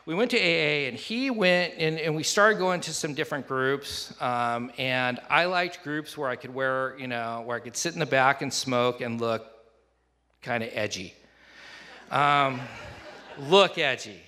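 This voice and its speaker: A man's voice: medium pitch, a little slow, sharp tone. A man telling a personal recovery story in a rambling, self-deprecating way, full of asides and fillers. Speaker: speaker sharing a recovery story. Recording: long hall reverb.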